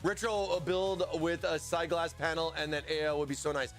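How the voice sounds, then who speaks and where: A man's voice: on the high side, little pitch movement, moderate pace, a bit bright, soft background music. A man hosting a casual product livestream, rambling and often stammering and repeating words. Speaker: livestream host.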